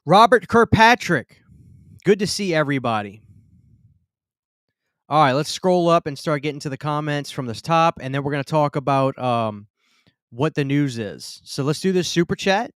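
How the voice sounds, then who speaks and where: Stream host, man, higher-pitched, talkative, close dry mic. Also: expressive, moderate pace, a bit bright, no room sound. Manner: chatty, greets viewers by name, restarts sentences. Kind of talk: casual live chat.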